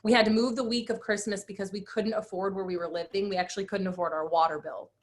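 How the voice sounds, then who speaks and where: A woman's voice: medium pitch, quick pace. A woman in her thirties, a guest speaker, telling her personal story with emphatic energy and acted-out quotes. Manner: animated, emphatic, acts out quotes.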